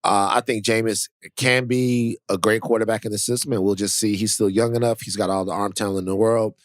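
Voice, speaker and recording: A man's voice: on the low side, fairly even intonation, a little fast, no room sound, studio quality. A middle-aged man co-hosting a podcast, talking in casual chat that rambles, full of restarts and "you know"s. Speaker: podcast co-host.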